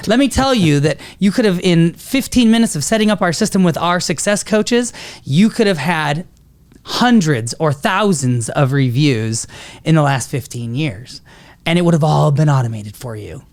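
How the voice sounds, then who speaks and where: A man co-hosting a casual business talk, telling stories in a lively way, laughing often and acting out the people he quotes. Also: a little high, measured pace. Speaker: co-host of a business talk show.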